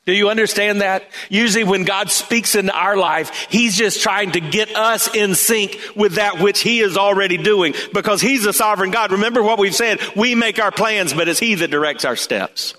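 Storytelling pastor in an echoing hall. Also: male voice, high-pitched, moderate pace, few pauses. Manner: storytelling preacher, animated and emphatic. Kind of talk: sermon. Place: church sanctuary. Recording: long reverb of a church hall.

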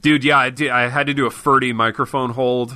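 A man's voice: medium pitch, fairly even intonation, fairly quick, bright, forceful tone, no echo. A man co-hosting a podcast, telling stories in loose, joking banter and calling everyone "dude.". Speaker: podcast co-host.

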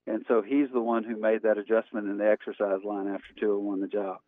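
A male pastor, a guest, telling stories in relaxed, plainspoken casual chat. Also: fairly low pitch, fairly quick, hardly any pauses. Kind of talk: casual chat over a phone line. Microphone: phone. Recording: tinny phone line.

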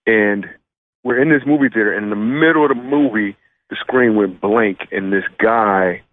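A man in his thirties from Michigan talks on a thin, tinny phone line. His voice sits fairly low, and he spins stories and jokes in an easygoing way. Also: moderate pace. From Michigan, USA. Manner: joking, storytelling, laid-back. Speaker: comedian guest. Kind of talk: radio interview chat.

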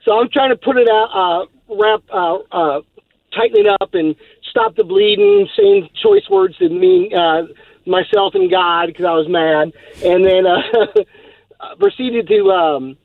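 High-voiced man telling a story over a phone line. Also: sing-song, unhurried, gravelly, no room sound. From Texas. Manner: rambling, laughing, many fillers. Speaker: caller. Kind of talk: casual storytelling on radio. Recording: tinny phone line, dry.

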